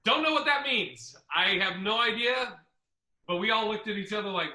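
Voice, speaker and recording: A man hosting a podcast, telling a comedy club story in a casual, profane, animated way. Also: high voice, normal speed, echoey room, low-quality recording.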